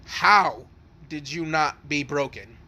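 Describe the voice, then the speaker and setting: A man's voice: a little high, takes it slowly, vocal fry, sharp tone, slight background noise, exaggerated voice. A man voicing a gossipy teenage girl who gasps in scandalized shock. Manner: gasping, scandalized.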